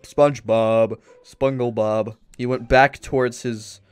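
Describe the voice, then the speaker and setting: A man's voice: medium pitch, steady tone, takes it slowly, smooth. A man talking casually through a horror maze game, rambling and jumpy, yelping when startled. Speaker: gaming YouTuber. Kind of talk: let's-play commentary.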